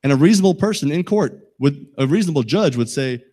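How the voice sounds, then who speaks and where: A man's voice: a little high, expressive, quick pace, mellow. A middle-aged man giving a safety talk to a live audience, folksy and joking, asking the listeners questions. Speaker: safety presenter.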